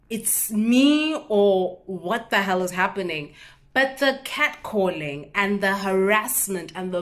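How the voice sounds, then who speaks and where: A young South African woman in her twenties talking to camera in a casual vlog, telling stories in an animated, indignant, expressive way. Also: mid-range voice. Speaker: vlogger.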